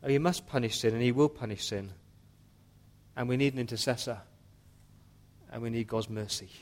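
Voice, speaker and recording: A man's voice: medium pitch, moderate pace. A man preaching a sermon as pastor, earnest and pleading with his listeners.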